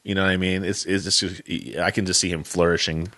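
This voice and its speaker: A man's voice: deep voice, flat delivery, fairly quick, bright, forceful tone. A man co-hosting a podcast, telling a story in casual chat, acting out quotes and swearing casually. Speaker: podcast co-host.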